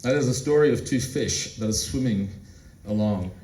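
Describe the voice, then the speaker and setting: A man's voice: mid-range voice, moderate pace, warm tone. A man presenting at a conference, talking in a conversational storytelling way and asking the audience questions. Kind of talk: conference talk. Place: conference room. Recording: roomy, distant mic.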